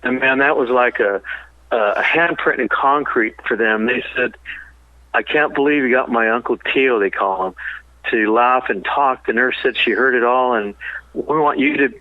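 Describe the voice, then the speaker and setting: A man's voice: mid-range voice, moderate pace, no room sound. Male phone-in guest, songwriter, chatty rambling storyteller; tinny phone line. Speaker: songwriter and business partner of the late musician.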